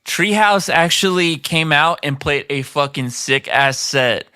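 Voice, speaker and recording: A man guest on a casual podcast, talking in a laid-back way, swearing freely and repeating himself as he shouts out his music scene. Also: fairly high pitch, measured pace, clean tone, no room sound, studio quality.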